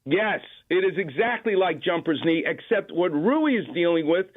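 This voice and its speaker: A doctor calls in and walks the hosts through his advice with calm, exact confidence. His voice sits fairly high. The phone line makes it thin and tinny. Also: moderate pace. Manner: confident, precise, instructive. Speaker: doctor guest on call-in. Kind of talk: explaining medical advice.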